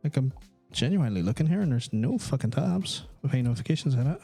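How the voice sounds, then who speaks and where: A man's voice: mid-range voice, expressive, fast talker, vocal fry, dark tone, husky, faint music behind. Sweary Northern Irish man co-hosting. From Northern Ireland. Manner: sweary, laughing banter. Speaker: co-host. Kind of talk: casual chat on a live talk show.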